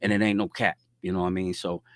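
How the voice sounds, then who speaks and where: Middle-aged male host, low voice, dry close sound, animated slangy storyteller with loud outbursts. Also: fast, dry recording. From Quad Cities, US Midwest. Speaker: show host telling a street story. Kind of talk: casual storytelling rant on a livestream.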